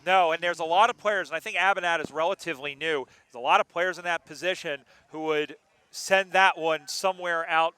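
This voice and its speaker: Bright, clear-voiced male sports commentator. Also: a little high, fairly quick, no room sound. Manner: jokey, excitable on big plays. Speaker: play-by-play commentator.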